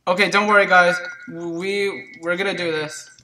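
A gameplay commentator chatting to viewers in a let's play, excitable and prone to yelps and shrieks at surprises. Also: medium pitch, normal speed, recorded from a distance, background noise. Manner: chatty, talks to viewers as "guys".

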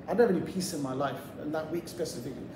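A man's voice: on the high side, rapid-fire, a little mellow, slight background noise. A man from England giving a motivational lecture to young people in a community hall, telling a casual story with lots of asides. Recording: echoey hall, voice heard from a distant mic.

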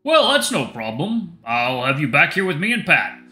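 Guy doing a chill café boss critter, kinda high and bright, reassuring. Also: moderate pace, echoey room, soft background music, heavily acted. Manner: relaxed and reassuring. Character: easygoing animal café boss, adult male.

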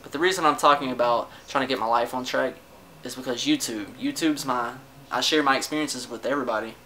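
A man's voice: mid-range voice, fast talker, bright, forceful tone, a little hiss or hum, low-quality recording. A young man venting to his camera in a casual personal rant, defensive and frustrated, swearing a lot and often stopping to restart his sentences. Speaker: vlogger. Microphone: camera mic.

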